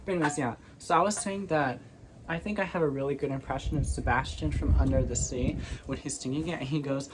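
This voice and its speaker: A woman with a low voice talks casually to her phone camera from her bedroom. She rambles and keeps restarting her sentences. A steady background noise sits under the recording. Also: quick pace, poor audio. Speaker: vlogger. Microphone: phone propped on a windowsill.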